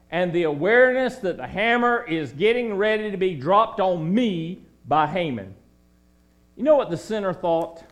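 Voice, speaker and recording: A man preaches with a high voice and an unhurried, drawn-out delivery. He swings between hushed lines and loud, dramatic declaiming. A faint mains hum sits under the recording. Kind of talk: sermon.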